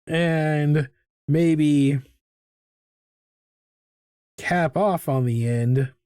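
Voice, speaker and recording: A man's voice: on the high side, extremely slow, warm tone, clean tone, no room sound, clean studio sound. A middle-aged man hosting a live drawing stream, chatting casually and rambling with self-mocking asides as he draws. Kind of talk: casual chat while drawing. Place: home art studio.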